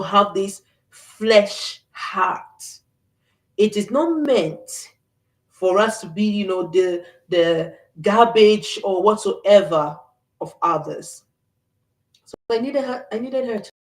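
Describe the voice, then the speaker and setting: A middle-aged woman hosts a faith-based talk, speaking earnestly and reflectively but with frequent fillers and restarts. Her mid-range voice is recorded from a distance, off-mic in an echoey room.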